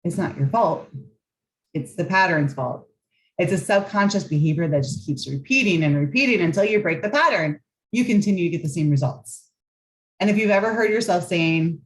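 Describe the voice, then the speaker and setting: A woman's voice: fairly low pitch, normal speed, low-quality recording. A woman relationship coach giving a guided coaching talk in a soothing, affirming, earnest way.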